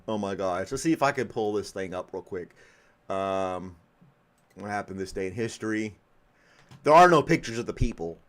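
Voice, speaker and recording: Guy hosting a chill podcast, keeps cracking up, pitch bounces all over. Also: lively intonation, moderate pace, fairly bright tone. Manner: laughs often, amused. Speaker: podcast host. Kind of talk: casual chat.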